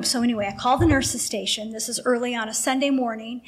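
A woman's voice: sits high, steady tone, moderate pace, few pauses. A middle-aged woman sharing an emotional, rambling personal testimony with a faith group, acting out the dialogue as she tells it.

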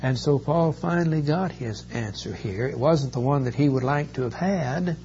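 A man preaching a sermon, reading Bible verses and explaining them earnestly, often drawing out key words slowly. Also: mid-range voice, darkish tone. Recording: dull recording with faint hum.

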